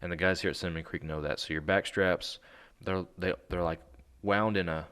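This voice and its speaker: Deep-voiced man telling a rambling story. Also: fairly even intonation, brisk, a bit bright, clear, resonant tone. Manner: rambling storyteller, laughs easily, lots of fillers. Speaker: podcast host. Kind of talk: casual chat.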